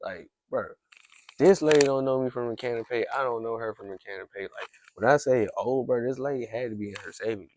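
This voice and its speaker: A man's voice: mid-range voice, fast talker, a little mellow, slight background noise. Male podcast host, casual storyteller, mid-range voice, loose and rambling. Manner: rambling, heavy use of "like", frequent restarts.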